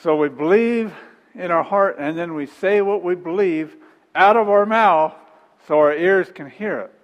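A man's voice: high-pitched, unhurried, in a large hall, dull audio. A middle-aged man preaching a sermon in a folksy, conversational way, repeating phrases and chuckling between points.

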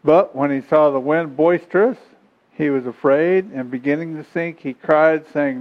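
A man's voice: a little high, moderate pace. A man preaching a sermon who reads scripture aloud and then explains it in homey asides, chuckling now and then. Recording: dull lo-fi recording.

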